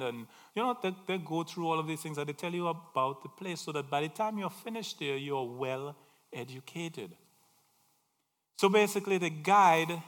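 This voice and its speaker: A man preaching a sermon, telling stories dramatically and swinging between loud calls and soft asides. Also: a little high, in a large hall.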